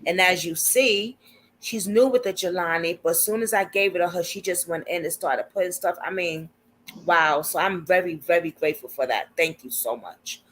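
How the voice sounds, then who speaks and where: A woman's voice: lowish voice, normal speed, slight background noise, poor audio. A woman hosting a casual livestream, chatty and informal, laughing often as she talks. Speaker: livestream host.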